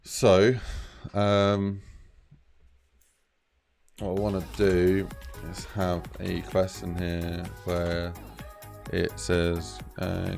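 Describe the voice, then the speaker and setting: A man's voice: low voice, completely flat delivery, drawn-out words, creaky, long pauses, darkish tone, faint music behind. A young man who streams game mod development, chatting casually and rambling with lots of fillers. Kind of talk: casual live-stream chat.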